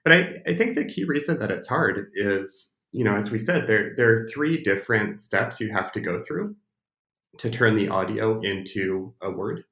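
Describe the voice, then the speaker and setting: Deep-voiced American man, echoey room. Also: expressive, moderate pace, vocal fry, pushed and bright. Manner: thoughtful, hesitant, with frequent restarts and fillers. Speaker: podcast guest, speech technology expert. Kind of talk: casual interview talk. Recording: roomy echo.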